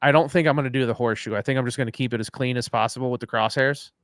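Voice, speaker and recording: Man, podcast co-host, casual rambling chat, swears a lot, mid pitch, dry close sound. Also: fairly even intonation, racing, no room sound. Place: at home after dinner.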